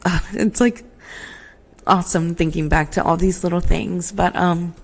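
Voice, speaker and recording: A woman's voice: lowish voice, steady tone, normal speed. A young woman hosting a podcast, telling her own story in a casual, emotional way with lots of fillers, recorded on a laptop mic at home. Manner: emotional, chatty, many fillers and "like". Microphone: laptop microphone.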